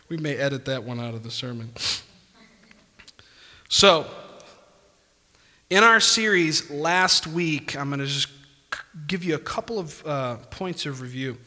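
A man's voice: on the high side, bright, forceful tone. A man pastor preaching a sermon emphatically, punctuating points with calls of amen, in a church hall. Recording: long church reverb.

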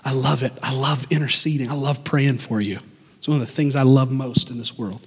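A pastor preaching a sermon in church, animated and emphatic, speeding up and slowing down and swinging between loud and soft. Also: male voice, medium pitch, husky, long reverb tail. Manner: animated, emphatic preaching with sudden shifts in pace and loudness.

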